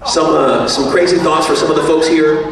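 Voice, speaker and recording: A man's voice: on the high side, fairly even intonation, normal speed, fairly bright tone, far from the mic, slight background noise. A man giving an after-dinner banquet speech, telling self-mocking stories in a joking way. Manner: self-mocking, jokey storytelling. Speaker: banquet speaker, radio executive. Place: banquet hall. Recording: echoey hall, voice from afar.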